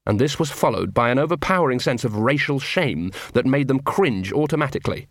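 A man's voice: medium pitch, expressive, brisk, no echo. A man narrating an audiobook in a dry, wry storytelling manner.

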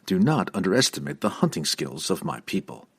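A proud male dark elf swordsman speaks with smug, unhurried calm, voiced by a man narrating the book. His voice is deep and slightly husky, steady and controlled. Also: heavily acted.

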